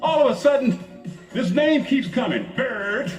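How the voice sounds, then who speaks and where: A man's voice: very high-pitched, big pitch swings, normal speed, a little mellow, roomy sound, distant mic, faint music behind. A man animatedly telling a story and acting out a radio call. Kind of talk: casual anecdote.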